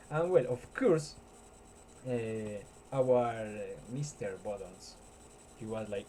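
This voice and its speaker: A man casually recounts a film scene in a dark, mellow voice. He halts often, restarts sentences and fills gaps with "uh" and "um." A faint hiss sits beneath his speech. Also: mid-range voice, low-quality recording. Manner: halting, full of fillers and restarts. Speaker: storyteller. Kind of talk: casual movie retelling.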